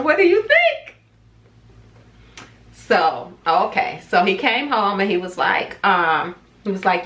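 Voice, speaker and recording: A woman's voice: medium pitch, a bit bright, roomy sound. A woman casually telling viewers a personal story in a chatty, dramatic way, acting out what was said. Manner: chatty, dramatic retelling with quoted voices. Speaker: vlogger telling her own story.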